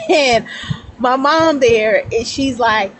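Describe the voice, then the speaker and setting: A woman in her thirties telling childhood stories on a livestream, animated and laughing, rambling between thoughts. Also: high voice, very slow, low-quality recording. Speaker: guest. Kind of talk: casual storytelling on a livestream.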